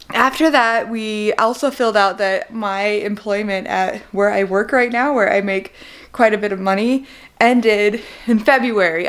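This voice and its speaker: A woman's voice: on the high side, a bit bright, clean tone. A young woman giving an emotional vlog update, fighting back tears and laughing nervously as she talks. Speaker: vlogger.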